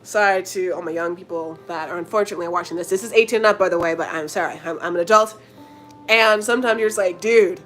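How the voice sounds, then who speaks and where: A woman's voice: fairly low pitch, fast talker, fairly bright tone, soft background music. A young woman chatting casually to her viewers, telling a story with lots of slang, fillers and giggles. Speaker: vlogger answering viewer questions.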